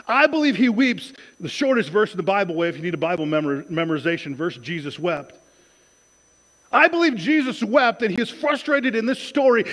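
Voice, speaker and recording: Man, preacher, sermon, animated conversational delivery, high voice. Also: in a large hall, low-quality recording.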